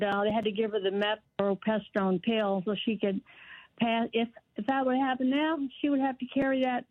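A woman's voice: a little high, no room sound. Older woman caller on a tinny phone line. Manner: earnest, talks in run-on thoughts. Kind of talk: call-in radio.

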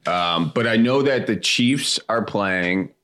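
A man's voice: lowish voice, slow pace, pushed and bright. A man co-hosting a casual chat, curious and full of questions. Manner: curious, asks many questions.

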